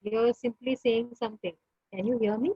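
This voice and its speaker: A woman lecturer with an Indian English accent teaching an online class, repeating points and pausing on many fillers. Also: a little high, fairly even intonation, warm tone, husky, no echo, muffled recording. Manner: repetitive, pauses with many fillers.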